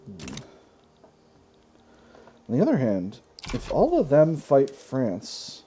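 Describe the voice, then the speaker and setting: A man commentating his own strategy game session in a relaxed, mellow voice of middling pitch. He muses out loud, corrects himself mid-sentence and drops casual asides. Soft game music plays quietly behind him. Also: very slow, long pauses. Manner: thinks aloud, casual asides and self-corrections. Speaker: gaming video host.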